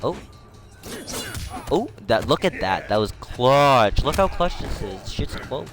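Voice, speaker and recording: A male streamer giving casual live commentary on replays, slangy and excitable, jumping to shouts at tense moments. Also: mid-range voice, takes it slowly. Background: music.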